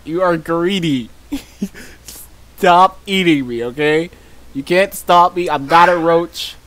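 Slow, joking young male gamer. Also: fairly bright tone. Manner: laughs often, shrieks high when chased; joking, teasing trash talk. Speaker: gaming YouTuber. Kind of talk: gameplay commentary.

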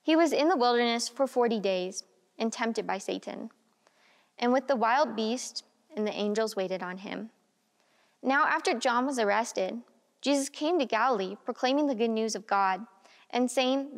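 A woman's voice: on the high side, moderate pace. Woman reading scripture in a reverberant church. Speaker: scripture reader. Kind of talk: liturgical gospel reading.

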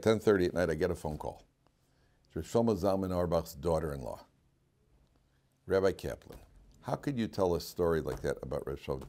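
A man teaching a Torah class as a rabbi, telling stories in a lively way, acting out quotes and often laughing. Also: deep voice. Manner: animated storyteller, acts out quotes and laughs often. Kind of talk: storytelling Torah lecture.

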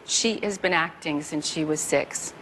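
A woman guest on a television talk show, telling stories in a chatty, animated way and acting out quoted lines. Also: low voice, a little slow, slight background noise, poor audio. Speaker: guest musician. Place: television studio.

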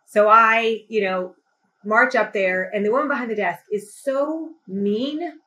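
A middle-aged woman telling a personal story as a podcast guest. She speaks with emphatic, animated passion, and her voice rises sharply when she grows indignant. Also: fairly high pitch, a little slow, slight background noise. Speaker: podcast guest, company CEO. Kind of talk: impassioned conversational storytelling.

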